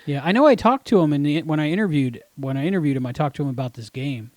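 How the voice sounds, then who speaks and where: A man hosts a podcast in a relaxed, thinking-aloud manner, often trailing off mid-thought. The recording is dry and close. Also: a little high, fast talker, no room sound. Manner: musing and hesitant, trailing off. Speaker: podcast host. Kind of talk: casual podcast chat.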